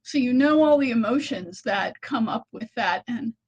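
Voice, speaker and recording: A woman's voice: a little high, animated, moderate pace, husky, highs cut off. A woman content strategist talking casually to camera in a house, recorded on a laptop. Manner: chatty and informal, with small self-corrections. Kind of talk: casual talking-head video. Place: house, indoors. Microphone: laptop built-in mic.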